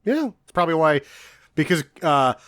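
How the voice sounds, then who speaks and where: A man's voice: a little high, sing-song, normal speed, fairly bright tone, clean tone, no echo. A man co-hosting a podcast, adding movie trivia and dry wisecracks in casual chat. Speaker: podcast co-host.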